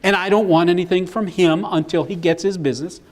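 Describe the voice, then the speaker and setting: During a live seminar, a middle-aged business speaker talks a little fast in a high-pitched voice. His storytelling is animated, and he acts out the quotes as he goes.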